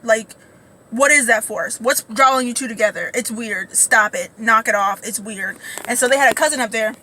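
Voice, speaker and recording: High, bright-voiced ranting woman. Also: moderate pace, a little hiss or hum, low-quality recording. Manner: blunt, profane, animated. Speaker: commentator. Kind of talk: casual reaction rant.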